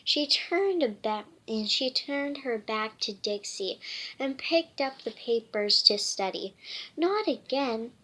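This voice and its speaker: A woman reading a picture book aloud, halting and often stumbling and restarting. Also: on the high side, bright, forceful tone. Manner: halting, with frequent slips and restarts.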